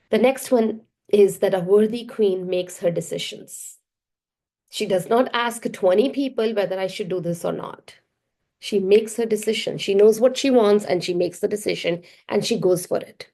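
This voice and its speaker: Woman coach pepping up her audience, really gravelly and husky, lots of repeating. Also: medium pitch, warm tone. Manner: emphatic, repetitive, motivational. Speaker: self-worth coach. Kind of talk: motivational masterclass talk.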